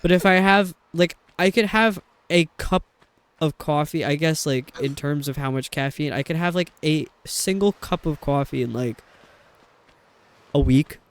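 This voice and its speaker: A man's voice: on the high side, a little slow, clear, resonant tone. A man from New York with a New York accent, chatting and rambling casually while streaming a game. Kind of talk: casual chat while gaming.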